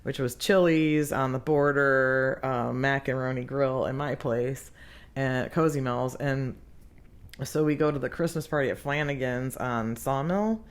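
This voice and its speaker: A woman, a lead singer, telling lively stories in casual podcast chat, often laughing and acting out what others said. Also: very deep voice, a little slow. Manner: animated, laughs often, acts out quotes. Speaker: singer guest.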